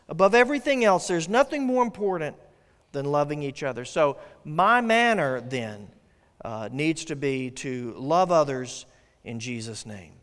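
Male pastor, slightly high voice, sermon delivery with dynamic swells and quiet tails, long reverb of a church hall. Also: very animated, moderate pace.

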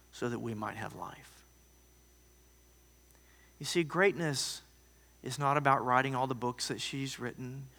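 A man preaching a sermon, telling a story that swings from loud to hushed. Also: medium pitch. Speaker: pastor. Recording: long hall reverb.

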